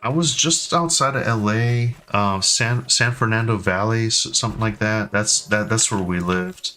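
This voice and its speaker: A low-ish, sharp male voice at a moderate pace chats with live-stream viewers. The American in his thirties rambles and hesitates, repeatedly saying um and starting over.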